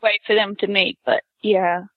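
A woman's voice: medium pitch, steady tone, normal speed, no room sound. Woman on dull call audio. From Australia. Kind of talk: casual chat.

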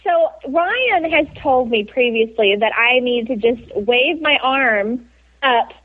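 A high-pitched woman rambles through a story, with frequent giggles. Her voice sits well above most women's. The sound is muffled and lo-fi. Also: animated, slow. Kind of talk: casual storytelling chat. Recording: dull lo-fi sound.

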